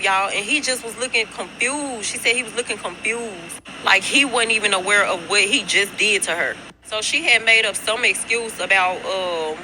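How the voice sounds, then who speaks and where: Over a noisy background, a young woman with a mid-range voice chats to her phone while on break at work. Her storytime is rambling and profane, and she often turns to her viewers, calling them y'all.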